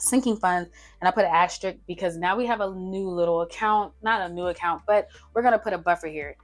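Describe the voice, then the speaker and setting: Chatty woman vlogger, low voice. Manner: chatty, talks straight to her viewers, counts aloud. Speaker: budgeting vlogger. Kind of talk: casual talk-through while writing a budget. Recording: faint music behind.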